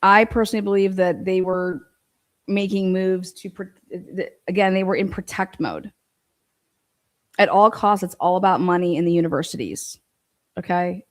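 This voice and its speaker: A woman with a lowish voice speaks at normal speed while hosting a casual livestream. She reads out viewer comments and talks bluntly, swearing often, sounding fired up and profane.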